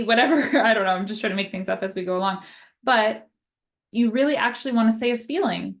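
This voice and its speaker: A woman's voice: on the high side, fast. A young woman occupational therapist explaining communication skills in a casual, conversational way, often checking in with "right?" and acting out example phrases.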